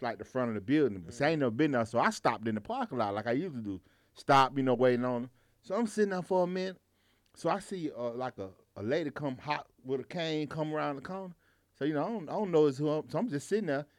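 A man's voice: mid-range voice, lively intonation, quick pace, no echo, clean studio sound. A man telling a casual story about his driving work, swearing freely and laughing. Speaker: rideshare driver telling a story.

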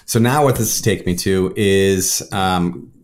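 A man, a pastor, telling his life story in casual conversation, rushing with repeated words and restarts. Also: low voice. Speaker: pastor and guest. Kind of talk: casual spoken testimony.

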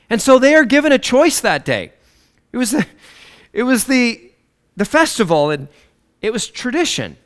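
Dramatic high-pitched male preacher. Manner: dramatic, swinging from loud declarations to low hushed lines. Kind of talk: sermon.

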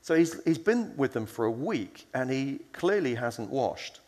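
In a large hall, a man delivers a conference sermon conversationally, telling stories and acting out the voices he quotes, with fillers and restarts. His medium-pitched voice is very animated, a little mellow, and unhurried.

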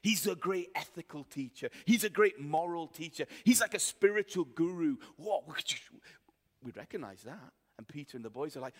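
A man preaching a sermon, telling the story in a lively, colloquial way and acting out the voices of the people in it. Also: fairly high pitch, normal speed. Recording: long reverb of a hall.

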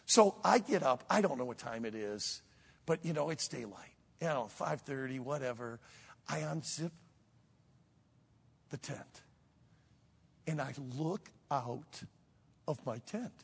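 A man preaching a sermon as pastor, telling a story in an animated way and acting out the quotes. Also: mid-range voice, measured pace, gravelly, pauses often, breathy edge. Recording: long hall reverb.

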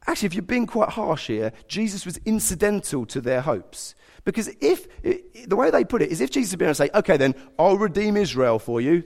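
A man preaching a sermon in an animated, conversational way, acting out quoted speech in voices. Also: fairly high pitch, vocal fry.

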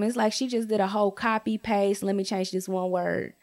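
A young adult woman telling a casual storytime rant to her viewers, blunt and profane, with jumps to high exclamations. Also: normal speed, vocal fry, few pauses. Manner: animated, swings to high exclaims. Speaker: vlogger.

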